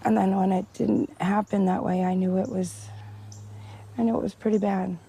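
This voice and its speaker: A woman speaking haltingly in a documentary interview as a relative of the interviewee. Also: medium pitch, steady tone, creaky, warm tone, breathy edge. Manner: halting, hesitant. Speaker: family member of interviewee.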